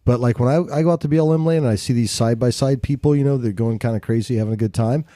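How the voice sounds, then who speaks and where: A man's voice: mid-range voice, racing, warm tone, dry recording, studio quality. A man on a podcast panel, talking in a rambling, folksy way. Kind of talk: casual chat.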